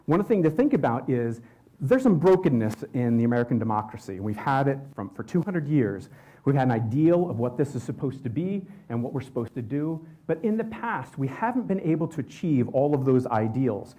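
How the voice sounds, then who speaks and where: A man's voice: medium pitch, very animated, a little fast, mellow. A man presenting for a state environmental agency, talking in a conversational way with frequent restarts and self-corrections. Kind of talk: educational presentation.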